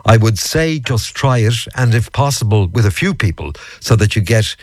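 A low-voiced man hosts a morning radio programme, his delivery swinging widely and chattily in pitch. The studio sound is dry and close. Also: normal speed, dry recording. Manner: chatty, lively intonation. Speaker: radio presenter.

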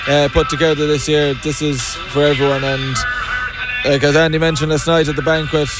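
Brief: young Mayo man, modest halting footballer interview, monotone, loud music underneath. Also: on the high side, poor audio. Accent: Irish, Mayo. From Belmullet, Ireland. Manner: halting, modest, many fillers. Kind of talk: post-match interview.

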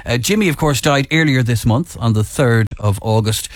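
A man's voice: medium pitch, moderate pace, no room sound. A man hosting a breakfast radio show in a rambling, chatty way, thinking aloud as he goes. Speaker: radio host. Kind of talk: casual breakfast radio chat.

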